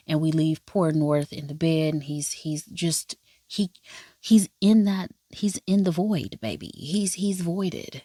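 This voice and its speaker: A woman's voice: low voice, unhurried, warm tone, dry recording, clean studio sound. A woman recapping a drama episode in casual chat, sassy and slangy, acting out the characters' lines. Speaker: drama reviewer.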